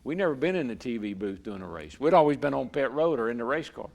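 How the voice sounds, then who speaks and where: A man's voice: medium pitch, lively intonation, fast talker, vocal fry, a little mellow. A man, a former racer turned broadcaster, telling a vivid story as an interview guest and often repeating words. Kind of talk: storytelling in a conversation.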